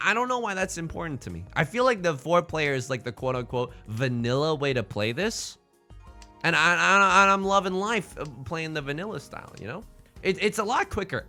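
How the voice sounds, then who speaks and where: A man's voice: fairly high pitch, bright, forceful tone. A young man chatting casually on a livestream while he plays, joking and rambling through playful asides. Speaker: streamer.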